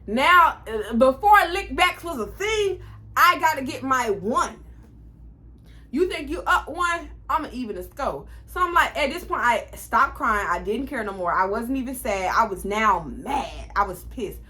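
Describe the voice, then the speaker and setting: A woman in her twenties telling a storytime in a casual, animated, profane way, acting out what people said. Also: a little high, normal speed. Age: 20s. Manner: animated, profane, acts out quotes. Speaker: vlogger.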